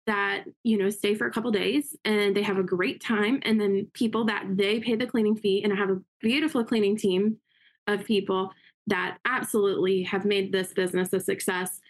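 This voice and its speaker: Interview guest: woman, upbeat quick storyteller, mid pitch. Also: steady tone. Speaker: interview guest, realtor and investor. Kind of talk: casual interview talk.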